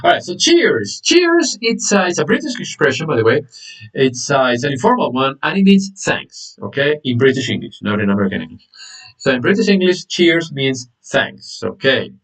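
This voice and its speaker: Guy teaching english online, keeps saying okay n repeating stuff, bit high voice, sounds a little far from the mic. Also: big pitch swings, normal speed, fairly bright tone. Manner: repeats words, many "okay"s and fillers, greets viewers by name. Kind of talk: live online lesson, chatting with viewers.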